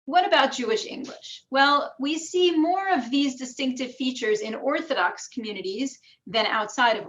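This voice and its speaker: An American woman with some New York vowels giving an academic lecture with slides, explaining clearly and demonstrating pronunciations aloud. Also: high voice, a bit bright, slight background noise. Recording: dull lo-fi recording.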